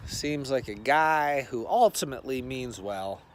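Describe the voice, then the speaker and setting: A man's voice: medium pitch, expressive, measured pace, slight background noise. A man vlogging in a casual, rambling monologue on a ride-along, playful and sometimes dropping to near-whispers.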